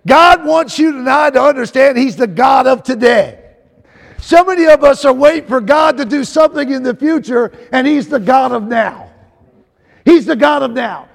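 A man's voice: very high voice, normal speed, creaky, long reverb tail. A man preaching a sermon, emphatic and repetitive, calling out to the congregation.

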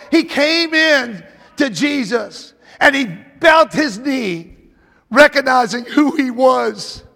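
A man delivers a fervent sermon in a very high, gravelly voice. His tone is bright and forceful, and he drives his points home with repetition. A long reverb hangs on his words, as in a large hall. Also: lively intonation, slow. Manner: fervent, emphatic preaching with repetitions. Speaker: preacher.

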